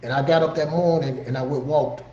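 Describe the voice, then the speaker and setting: A man's voice: mid-range voice, steady tone, fairly quick, a little mellow. Earnest man telling motivational stories. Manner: earnest, conversational, frequent "you know what I'm saying". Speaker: motivational speaker. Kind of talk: motivational storytelling. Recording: roomy, slightly dull recording with faint ambience.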